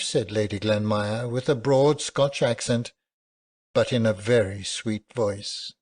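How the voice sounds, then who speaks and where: Man reading an audiobook, measured. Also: on the low side, darkish tone. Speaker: audiobook narrator. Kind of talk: audiobook narration.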